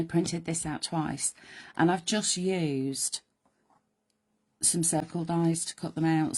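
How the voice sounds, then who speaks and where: A woman with a slightly low, croaky voice leads a live card-making demonstration. She chats along in rambling asides to her viewers as she works. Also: a little mellow. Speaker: crafting host.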